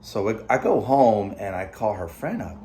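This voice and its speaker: A man's voice: fairly low pitch, sing-song, normal speed, dark tone, a little hiss or hum. A middle-aged man hosting his own vlog, telling a personal story in a loose, conversational way with many fillers and asides. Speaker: vlog host. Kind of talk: casual storytelling to camera.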